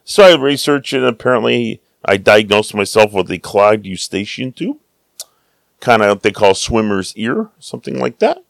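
Gravelly American man telling a travel story. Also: on the low side, moderate pace, no room sound. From United States. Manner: animated, acts out quoted voices. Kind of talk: casual storytelling.

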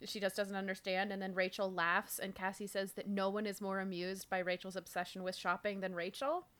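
A woman co-hosting a casual book podcast. She talks in an animated way, laughs often and acts out quotes. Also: medium pitch, a little fast, smooth. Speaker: podcast co-host.

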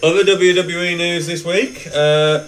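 A man's voice: high voice, fairly even intonation, a little slow, fairly bright tone, soft background music. A man hosting a podcast, reading out news items in a jokey, giggly way. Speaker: podcast host, news reader. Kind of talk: casual chat.

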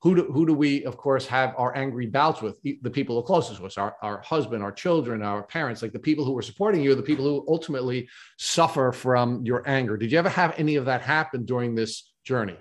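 A man's voice: medium pitch, fast talker. A man hosting an interview, asking long questions with frequent stumbles and restarts. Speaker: interview host.

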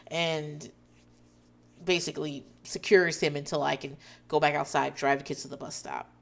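A woman in her thirties, a mother of four, telling a story in casual chat, animated and quick to swear and laugh. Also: low voice, vocal fry.

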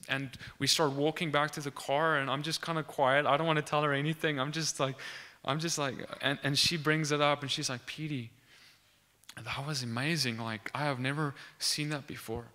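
A young man preaches through a personal story in a casual, animated way. His voice is bright and forceful, with a smooth, resonant tone. He jumps into the voices of the people in his story as he tells it. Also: fairly high pitch, brisk. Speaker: preacher sharing a testimony. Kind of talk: storytelling sermon testimony.

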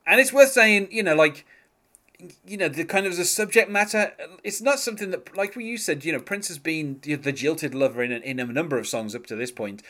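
A man's voice: on the high side, expressive, fairly quick, sharp tone. A man chatting casually as a podcast host, rambling with many fillers and frequent chuckles. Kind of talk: casual music discussion.

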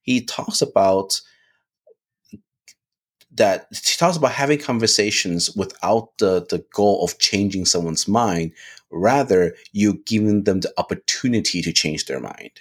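A man talking casually on a podcast, animated, restarting phrases and often asking "right?". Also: low-pitched, a little slow, husky. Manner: animated, repeats words, lots of "right?". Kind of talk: casual discussion.

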